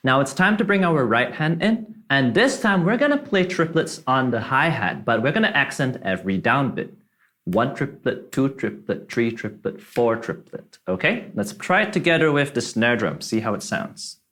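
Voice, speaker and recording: A man's voice: medium pitch, very animated, moderate pace, few pauses, bright, forceful tone. A man from Malaysia teaching a drum tutorial, explaining step by step, counting beats aloud and checking in with "right?" and "okay?".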